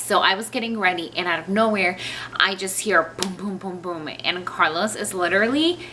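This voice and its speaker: A woman's voice: mid-range voice, pushed and bright, slight background noise. A young woman telling a personal story to her camera at home, chatty and rambling with many fillers and asides. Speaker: vlogger.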